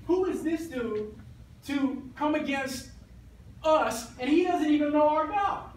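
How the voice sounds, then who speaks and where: A man voicing a bold, streetwise young shepherd boy in slangy, excited talk. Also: very high voice, takes it slowly, slight background noise, heavily acted. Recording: echoey hall, distant mic.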